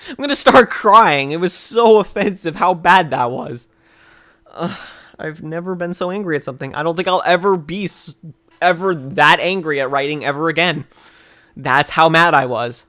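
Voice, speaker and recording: A man answering viewer questions in a casual video, ranting in an animated, exasperated way with plenty of swearing. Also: a little high, normal speed. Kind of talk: casual rant to camera.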